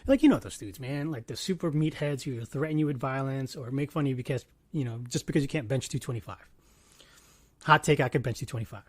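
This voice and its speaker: A man in his thirties giving a casual commentary monologue, animated, swinging between loud bursts and quiet asides and swearing freely. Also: medium pitch, fast talker, dry recording. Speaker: commentary vlogger.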